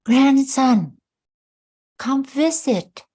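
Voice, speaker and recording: A woman's voice: high-pitched, expressive, warm tone, voice pushed up, exaggerated voice. A woman voicing a kindly tiny grandmother elder. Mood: coaxing. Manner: slow, coaxing, motherly.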